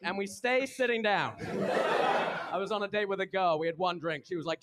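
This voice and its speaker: Deadpan young English comedian on stage. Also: male voice, sits high, brisk. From England. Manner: deadpan delivery, acts out both sides of dialogues. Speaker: stand-up comedian. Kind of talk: stand-up comedy set. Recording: loud noise and clicks.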